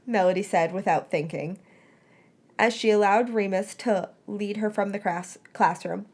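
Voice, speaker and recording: A woman at a middle pitch reading a story aloud for a podcast. Her delivery is plain and steady, with the odd small slip that she corrects. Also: measured pace. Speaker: podcast reader. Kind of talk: reading fan fiction aloud.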